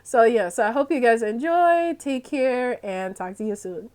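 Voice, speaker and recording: A woman's voice: fairly high pitch, lively intonation, measured pace, noisy background. A young woman casually narrating a life-sim game, chatty and rambling, laughing and losing her train of thought. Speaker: gaming vlogger. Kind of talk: casual gameplay commentary.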